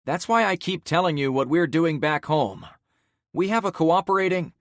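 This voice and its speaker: A man's voice: on the high side, moderate pace, no room sound, clean studio sound, pitched above the performer's own voice, close to an everyday voice. Man doing a blunt survivor leader. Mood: commanding. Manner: forceful, commanding, blunt. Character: blunt male survivor leader addressing a crowd.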